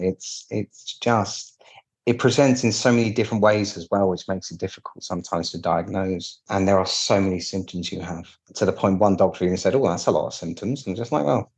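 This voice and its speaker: A man from the UK talks through his story with wry candor, slipping into the voices of people he quotes. His voice sits low and has a husky, breathy edge. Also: moderate pace. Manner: candid, wry, acts out quoted dialogue with restarts. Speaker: piano technician guest. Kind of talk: casual storytelling interview.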